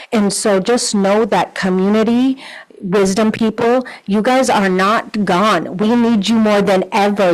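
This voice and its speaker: A woman's voice: medium pitch, low-quality recording. A woman guest speaker addressing a congregation in an earnest, grateful way, with fillers and repeated words. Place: church service.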